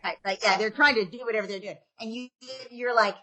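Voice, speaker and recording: A woman's voice: on the high side, fairly even intonation, fast, few pauses, pushed and bright. A middle-aged woman, a parenting expert, giving advice in a casual podcast interview and acting out parent and kid lines.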